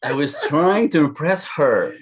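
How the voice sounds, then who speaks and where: A man on a podcast telling the story of how he met his partner, animated and self-mocking, laughing often. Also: fairly high pitch, unhurried, lo-fi sound, background noise.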